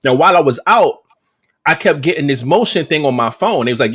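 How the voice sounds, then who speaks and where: High-ish animated guy on a podcast, swings his voice all over, cussing and slangy. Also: fast, husky. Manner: animated storyteller, profane slang-heavy. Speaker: podcast co-host. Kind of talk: casual chat.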